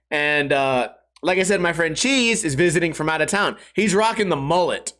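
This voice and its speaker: Male podcast host, middle-aged, slightly high voice; loose, profane, jokey solo storytelling with voiced-out quotes. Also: lively intonation, moderate pace, fairly bright tone. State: hungover and stiff.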